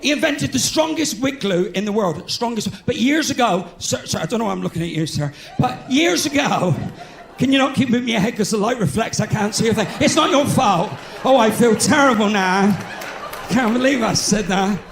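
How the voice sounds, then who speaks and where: A man's voice: high voice, lively intonation, fairly quick, vocal fry, slight background noise. A man with a West Country English accent doing live stand-up comedy in a large theatre, chatty and self-mocking as he banters with the crowd. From England.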